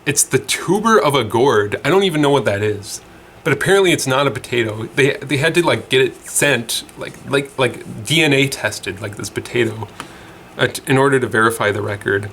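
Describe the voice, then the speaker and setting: A man's voice: mid-range voice, moderate pace, a bit bright, slight background noise. A man hosting a casual weird-news show, chatty and rambling with lots of fillers and restarts. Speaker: host.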